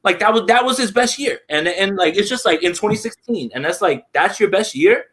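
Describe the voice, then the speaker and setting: Animated higher-voiced man talking sports. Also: brisk. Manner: animated, many fillers and restarts. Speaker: podcast co-host. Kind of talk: casual sports talk.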